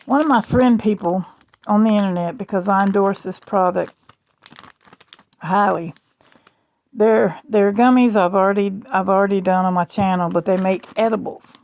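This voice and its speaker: A woman vlogging at home in rambling, chatty talk with a gravelly fry. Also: medium pitch, fairly even intonation, darkish tone. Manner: rambling, chatty, slow and drawling. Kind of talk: casual chat.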